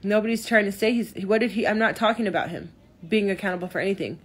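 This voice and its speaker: Woman in her 30s on a phone live, husky and upset, keeps restarting her sentences. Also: medium pitch, fast. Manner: emotional, hurt and defensive, many restarts. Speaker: livestreamer. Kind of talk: upset livestream rant. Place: in her car.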